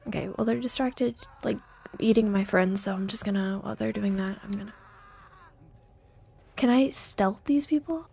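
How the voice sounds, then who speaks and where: A woman's voice: mid-range voice, moderate pace, creaky, long pauses, warm tone, husky. A young woman giving casual let's play commentary in jittery, joking self-talk full of exclamations. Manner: jokey and self-deprecating. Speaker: gamer.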